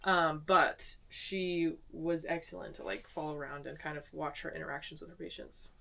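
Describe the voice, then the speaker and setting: A woman's voice: deep voice, moderate pace, vocal fry. Young woman chatting on a podcast, tells stories and does little voices for quotes, mic a bit far off. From Arizona, US. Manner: storytelling, acting out quotes in lively voices. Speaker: podcast co-host. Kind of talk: casual chat. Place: small home studio.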